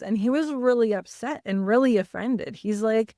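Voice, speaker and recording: A mother telling her family's story in an interview, candid and halting, with frequent fillers. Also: on the high side, a little mellow, no echo, clean studio sound. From Canada. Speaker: guest, mother.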